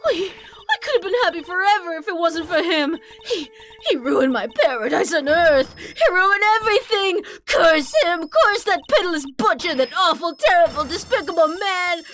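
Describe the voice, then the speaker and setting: Woman playing a shrill, unravelling warden. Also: expressive, normal speed, a bit bright. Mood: ranting. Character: unhinged woman prison warden, ranting and sobbing.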